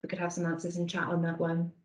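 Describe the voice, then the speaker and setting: A woman leads an online awareness session over a video call, encouraging and conversational as she praises answers from the chat. Her voice sits a little low. The sound is roomy and echoey. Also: monotone, fast. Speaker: dementia awareness session presenter. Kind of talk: online training talk.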